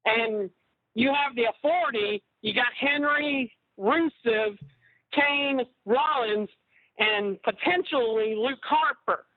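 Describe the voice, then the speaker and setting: A man's voice: very high-pitched, slow pace, dry recording. A man calling in to a show, chatting casually in a joking, rambling way over the phone. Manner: joking, rambling, prone to pranks. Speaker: caller. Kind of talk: casual chat. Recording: tinny phone line.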